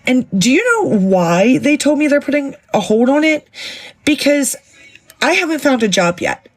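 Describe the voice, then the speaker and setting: A woman's voice: sits high, sing-song, normal speed. A woman complaining indignantly to her viewers in a casual phone video. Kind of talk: casual social media rant.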